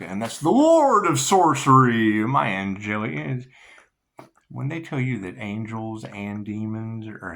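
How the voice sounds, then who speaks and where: A middle-aged man hosting his own spiritual channel, talking in a wandering, sarcastic monologue that repeats phrases and breaks into sudden loud bursts. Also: fairly low pitch, vocal fry.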